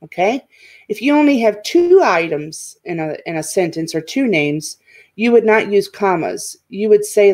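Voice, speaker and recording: A woman's voice: mid-range voice, animated, normal speed, a little mellow. A woman elementary teacher explaining a lesson at a board, patient and repetitive, checking in with her listeners. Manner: patient, repeats points, checks in with "okay?".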